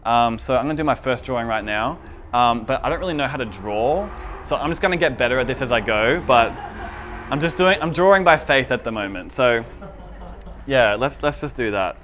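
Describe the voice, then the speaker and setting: A man's voice: medium pitch, expressive, brisk, fairly bright tone, a little hiss or hum. A man giving a casual, chatty teaching talk in a church room, often asking the audience whether they follow. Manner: chatty and informal, asks the audience for agreement.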